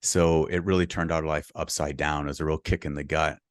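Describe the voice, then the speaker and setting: A man's voice: very deep voice, flat delivery, brisk, no room sound, studio quality. A middle-aged man, a real estate investor, telling a candid personal story in a podcast interview, earnest and open. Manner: earnest and open, speeds up when reliving the story.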